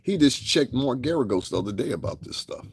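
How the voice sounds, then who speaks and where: A man's voice: medium pitch, very animated, fairly quick, slightly rough. A man giving a profane, casual rant, laughing and mocking people with impressions. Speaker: commentary vlogger.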